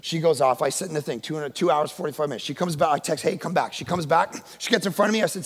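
A male guest pastor preaching a sermon in a church, emphatic and often shouting. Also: on the high side, fast talker, hardly any pauses, a little hiss or hum. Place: church sanctuary. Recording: long echo of a large church hall.

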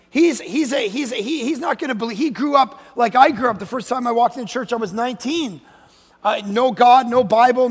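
High-pitched gravelly preacher in a reverberant hall. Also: male voice. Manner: animated, joking, acts out quoted voices, sudden shouts. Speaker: guest pastor. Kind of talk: energetic comedic sermon. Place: church sanctuary.

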